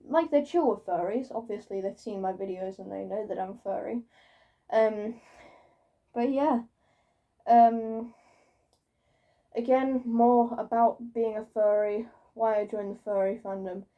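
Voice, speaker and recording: A woman's voice: mid-range voice, steady tone, a little slow, highs cut off. A young woman vlogging in a casual, rambling way, swearing freely and joking about herself. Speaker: YouTuber. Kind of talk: casual vlog monologue. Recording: voice a bit far from the mic.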